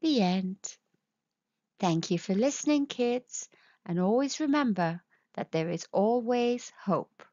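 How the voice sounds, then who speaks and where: A woman reading a children's storybook aloud in a slow, sing-song, expressive way. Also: medium pitch. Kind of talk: children's read-aloud narration. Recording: dull lo-fi sound.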